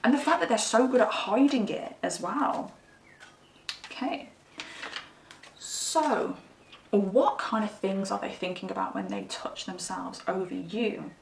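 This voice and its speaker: A woman's voice: medium pitch, a little slow, gravelly, pauses often, a little hiss or hum. Woman tarot reader, chatty and giggly, recorded from a distance in a reverberant room. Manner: giggly, chatty, breaks into laughter. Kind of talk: casual tarot reading monologue. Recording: echoey room, mic at a distance.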